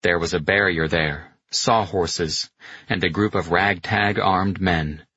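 A man with a very deep, husky voice reads a novel aloud in a steady storytelling manner. His tone is bright and forceful, and the recording is dry and a little muffled. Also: slow, dry recording. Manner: steady storytelling, voicing characters in dialogue. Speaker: audiobook narrator. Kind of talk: scripted narration.

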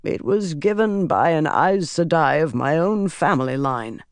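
Brief: solemn prophet-like man, slow deliberate delivery, dry close sound, voiced by an audiobook reader. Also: medium pitch, lively intonation, smooth, dry recording.

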